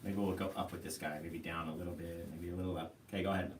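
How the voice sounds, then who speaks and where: A man's voice: low voice, little pitch movement, fast talker, a little hiss or hum. A man hosting a live painting tutorial, chatting easily and explaining each step as he works. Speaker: painting instructor and show host. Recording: roomy sound from a distance.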